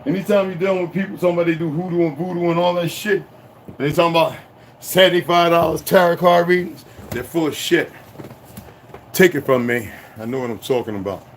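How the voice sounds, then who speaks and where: A man's voice: on the high side, fairly quick, pauses often, slight background noise. A man hosting his own channel, mixing a blunt, profane rant with reading a text aloud, recorded at home. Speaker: channel host.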